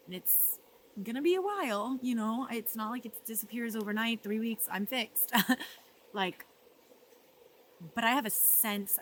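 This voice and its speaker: A woman talking earnestly in a personal vlog, emotional and reflective, often dropping softly and laughing between thoughts. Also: medium pitch, slight background noise. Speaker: vlogger. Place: art residency.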